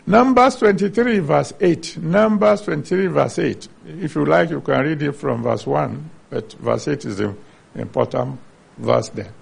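A man's voice: on the high side, gravelly, breathy edge. A man preaching a sermon, earnestly teaching from the Bible and citing chapter and verse.

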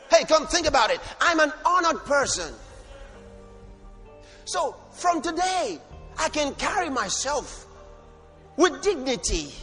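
A man preaching a sermon, emphatic, asking rhetorical questions and breaking into sudden shouts. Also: very high-pitched.

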